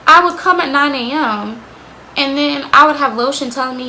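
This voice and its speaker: A woman's voice: sits high, moderate pace, pushed and bright, a little hiss or hum, rough recording. A young woman vlogger telling a candid storytime about an old job, blunt and sweary, with lots of "like.". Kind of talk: storytime vlog.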